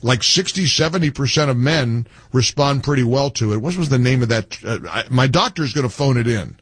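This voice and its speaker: A middle-aged man hosting call-in talk radio, animated, jokey and easily exasperated. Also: mid-range voice, brisk, slightly rough, no echo. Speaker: radio talk show host.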